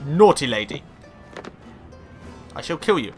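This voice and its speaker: A man casually commentating on his own gameplay, sweary and excitable, talking back to the characters on screen. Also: on the high side, moderate pace, pauses often, breathy edge, faint music behind. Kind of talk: casual let's-play commentary.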